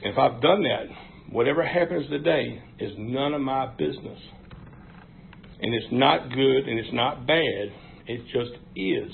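Man, very gravelly voice, recovery share, folksy and frank, tinny phone-like sound. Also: mid-range voice, measured pace. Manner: frank, folksy storytelling with many fillers. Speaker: speaker sharing at a recovery meeting. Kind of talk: personal recovery testimony. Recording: tinny phone-like recording, faint hiss.

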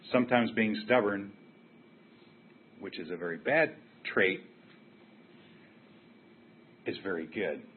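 An older man telling his own recovery story at a meeting, candid and blunt in a conversational way. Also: fairly low pitch. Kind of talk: personal recovery share. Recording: tinny phone-like sound with faint hiss.

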